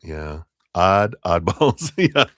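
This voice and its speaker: A middle-aged man hosts a live tarot reading stream in a very low voice that still swings up and down a lot. He is chatty and laughs often, recorded close and dry with no room sound. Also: sing-song, extremely slow, fairly bright tone, no echo. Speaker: tarot reader.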